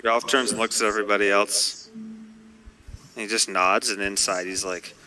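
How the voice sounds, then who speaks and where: A man's voice: fairly low pitch, steady tone, normal speed, pushed and bright, soft background music. A man playing a character in a tabletop role-playing game, talking casually and rambling with "like" fillers. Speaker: player.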